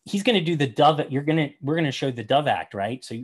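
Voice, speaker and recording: A man's voice: fairly high pitch, animated, fast, slightly rough. A man hosting a casual chat about magic videos, enthusiastic and rambling. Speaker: host.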